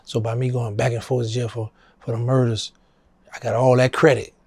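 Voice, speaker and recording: An interview guest, a middle-aged man from New Orleans by his accent, spins a casual story in a rough, husky voice at a fairly quick clip. Whenever he quotes someone, he jumps up into a higher pitch to play the part. The sound is close and dry, with no room tone.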